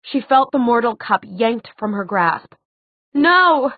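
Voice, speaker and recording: A woman reading a novel aloud as an audiobook narrator, steady and expressive. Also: a little high, a little slow, no echo. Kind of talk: scripted narration. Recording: tinny phone-like dry sound.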